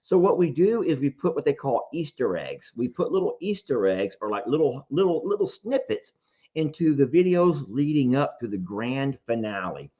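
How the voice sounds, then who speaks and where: A man hosting a casual live show, telling stories in an animated way, often laughing. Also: medium pitch, normal speed. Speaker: host. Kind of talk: casual livestream chat. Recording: dull lo-fi stream audio.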